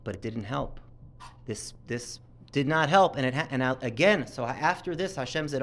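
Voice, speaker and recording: A man's voice: medium pitch, normal speed, fairly bright tone. A man giving a sermon-style Torah talk at a synagogue event, telling the story emphatically and acting out the quotes with rising intensity.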